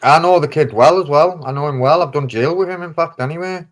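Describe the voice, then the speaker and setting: Quick-talking guy, sweary, street slang, chatting on a call. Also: fairly high pitch. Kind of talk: casual chat.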